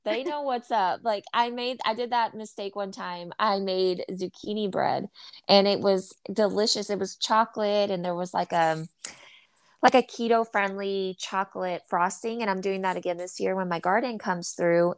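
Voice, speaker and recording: A woman's voice: mid-range voice, steady tone, moderate pace, smooth, no room sound. A woman co-hosting a podcast in casual chat, a bubbly, jokey storyteller. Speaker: podcast co-host.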